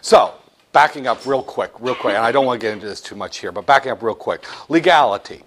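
A man's voice: medium pitch, fast, slight background noise. A man teaching business law to a class, joking and acting out little scenes as he lectures. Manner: animated, jokey, acts out little scenes.

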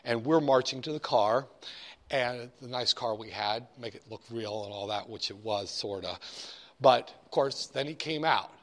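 A male instructor teaches a class as a storytelling lecture, talking conversationally and wandering into digressions. His voice is mid-range and his pace moderate.

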